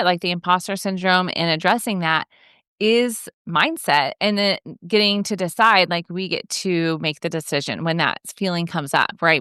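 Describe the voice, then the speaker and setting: A woman with a bright, crisp, clear voice hosts a podcast conversation. She asks open questions and keeps things moving with frequent quick agreements. The recording is dry and close. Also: mid-range voice, dry recording. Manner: friendly, affirming, quick back-channel responses. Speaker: podcast host. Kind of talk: casual conversational interview.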